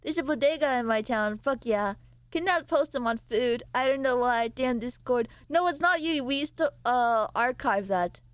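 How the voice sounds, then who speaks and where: A woman's voice: fairly high pitch, moderate pace, no echo. A woman streamer chatting casually with her live chat, swearing and laughing as she reacts to messages.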